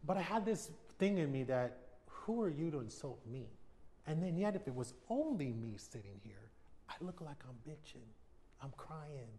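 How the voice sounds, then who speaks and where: A man's voice: on the high side, animated, normal speed, mellow. An American man in his fifties, a guest in a sit-down TV interview, speaking candidly and reflectively. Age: 50s. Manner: candid, reflective, acts out quoted voices. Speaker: interview guest, retired baseball player.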